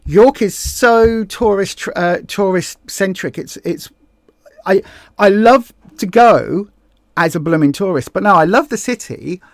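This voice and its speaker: A man's voice: high voice, a little slow, no echo. A man hosting a weight-loss livestream, chatting casually and rambling through viewer comments with frequent restarts. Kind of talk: casual live chat reading viewer comments.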